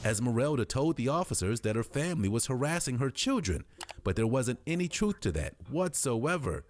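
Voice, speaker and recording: A man narrates a true-crime clip in a flat, scripted voice-over. His pitch rises and falls in a lively way as he tells the story. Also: brisk, a little hiss or hum.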